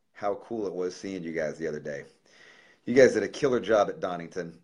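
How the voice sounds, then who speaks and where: Brief: man, very low voice, cursing musician on a casual livestream, reading a heartfelt letter. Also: animated, a little fast, a little mellow. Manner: profane, loose and heartfelt.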